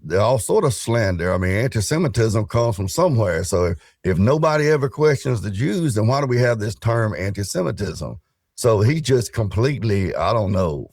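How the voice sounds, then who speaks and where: A middle-aged man in a casual podcast debate, speaking in a folksy, dismissive way with drawn-out phrasing. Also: fairly low pitch, a little mellow, no echo, studio quality. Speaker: co-host panelist.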